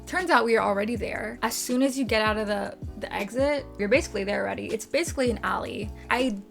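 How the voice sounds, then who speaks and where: A woman's voice: fairly high pitch, quick pace, creaky, faint music behind. A young woman vlogger telling a casual story, gushing and peppering it with filler words. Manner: gushing, filler-heavy with many likes.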